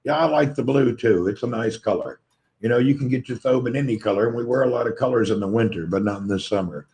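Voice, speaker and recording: This livestream features a sleep-deprived Southern man from Tennessee whose mid-range voice has a faint crackle. Talking fast and in a chatty, easygoing manner, he reads viewer comments and welcomes people individually.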